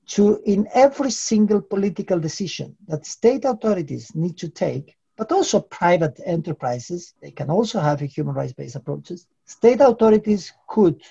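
A man answers interview questions at length in a formal, lecturing manner and sometimes poses rhetorical questions. His voice is dark and mellow with a gravelly, husky edge. The recording sounds dull and lo-fi. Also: high-pitched. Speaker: human rights expert interviewee.

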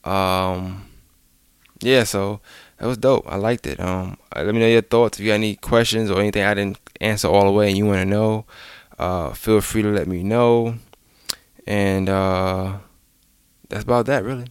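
A man's voice: lowish voice, steady tone, moderate pace, smooth, no room sound, clean studio sound. A man hosting a podcast, talking in a laid-back, casual way with loose slang. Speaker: podcast host. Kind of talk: casual chat.

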